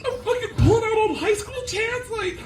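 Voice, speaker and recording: A man's voice: extremely high pitch, lively intonation, brisk, echoey room, distant mic. A man doing stand-up storytelling, rowdy and swearing, acting out the people he quotes. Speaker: stand-up comedian.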